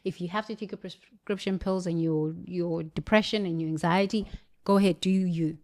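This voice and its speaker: A woman with a British accent giving an emphatic spiritual motivational monologue, preachy, with sudden jumps in pitch and volume. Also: fairly even intonation, normal speed, a little mellow. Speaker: motivational speaker.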